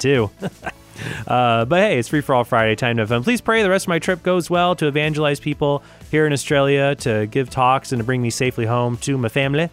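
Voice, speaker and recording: A man's voice: mid-range voice, a little fast, faint music behind. A man hosting a casual solo podcast, telling a story in a rambling way with many fillers. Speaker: podcast host. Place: travelling in Australia.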